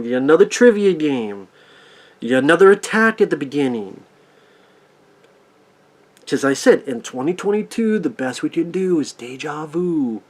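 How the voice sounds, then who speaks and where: A man tears into a film in a foul-mouthed, sarcastic rant. His voice sits slightly high for a man. He swings between mocking quotes and blunt complaints. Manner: angry, profane, sarcastic ranting. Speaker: movie reviewer. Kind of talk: profane rant review.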